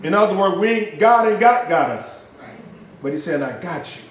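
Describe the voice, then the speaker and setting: A man preaching a sermon with passion, using street slang, swinging between loud shouts and low hushed lines. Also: animated, moderate pace, roomy sound, a little hiss or hum. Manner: uses street slang for emphasis.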